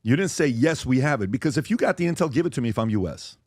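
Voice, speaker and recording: A man's voice: on the high side, animated, racing, darkish tone, slightly rough, dry recording, clean studio sound. Earnest man leading a panel discussion. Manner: earnest, questioning, thinks aloud. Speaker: podcast host.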